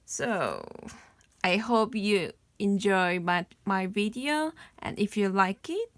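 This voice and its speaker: A woman's voice: medium pitch, expressive, no echo. A young woman from South Korea with a Korean accent, patiently explaining a beginner language lesson and sounding out playful laughing words. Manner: slow, patient explaining with sing-song demonstrations of laughter sounds.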